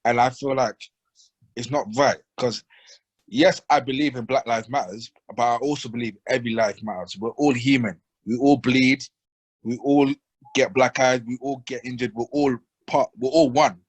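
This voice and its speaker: Husky earnest man in a discussion. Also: medium pitch, fairly even intonation, normal speed, poor audio. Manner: earnest, repeats himself as he thinks. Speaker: podcast co-host. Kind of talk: casual discussion.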